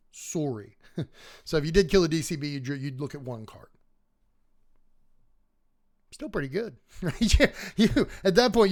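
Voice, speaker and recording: A man hosts a relaxed livestream review in a bright, slightly higher voice. His pitch bounces up and down as he chuckles and talks back to his viewers. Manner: animated, chuckling, chatting with viewers. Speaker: host. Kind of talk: casual livestream card review.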